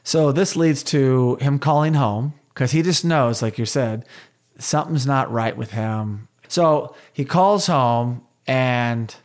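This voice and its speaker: A man's voice: mid-range voice, takes it slowly. Enthusiastic man chatting about films. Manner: enthusiastic, laughs easily, asks rhetorical questions. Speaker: podcast co-host. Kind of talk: casual movie discussion podcast.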